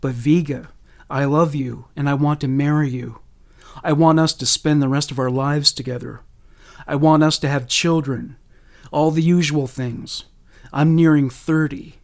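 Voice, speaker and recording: A man voicing a patient young man in love who speaks earnestly and gently. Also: on the high side, fairly even intonation, unhurried.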